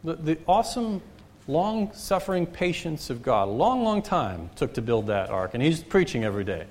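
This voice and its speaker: A man preaching a sermon as pastor, stressing points by repeating phrases and swinging between loud and soft. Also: on the high side, big pitch swings, moderate pace. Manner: preaching with wide swings in loudness and pace.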